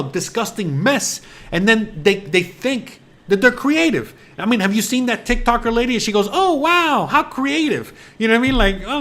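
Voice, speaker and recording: A man's voice: sits high, a bit bright. A man in his forties from the United States, hosting a casual rant to camera. He talks in an exasperated, rambling way, full of fillers and restarts. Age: 40s. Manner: exasperated, incredulous ranting. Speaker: host.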